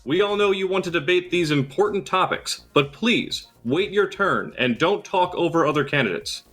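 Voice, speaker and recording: A man moderates a mock debate in a formal, announcer-like way. His voice sits notably high for a man. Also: lively intonation, moderate pace, a bit bright, soft background music. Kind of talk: mock political debate on voice chat.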